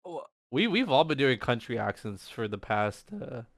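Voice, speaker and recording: A man's voice: mid-range voice, moderate pace, no room sound. Young male podcast co-host, laughs a lot, dry close mic. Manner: laughs often, animated storytelling. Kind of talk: casual chat.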